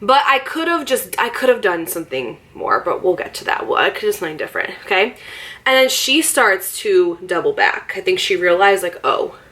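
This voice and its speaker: A young woman vlogger telling a story in a casual, animated way, laughing often. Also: mid-range voice, fairly quick.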